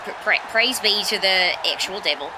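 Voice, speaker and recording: A co-commentator with a New Zealand accent, playful and halting, stumbling over words in comedic wrestling commentary. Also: medium pitch, over music, low-quality recording. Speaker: color commentator.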